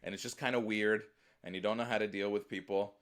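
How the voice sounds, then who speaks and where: American comedian guy riffing on a podcast, punchy and lively, talks right at his hosts. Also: fairly low pitch, quick pace. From United States. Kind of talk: comedic storytelling.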